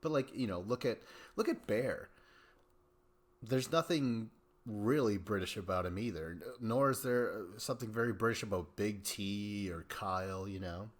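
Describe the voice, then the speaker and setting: A man's voice: on the low side, normal speed. Rambling, swearing man recapping a show. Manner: rambling, profane, acts out quotes in mocking voices. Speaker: podcast host. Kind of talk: casual recap commentary.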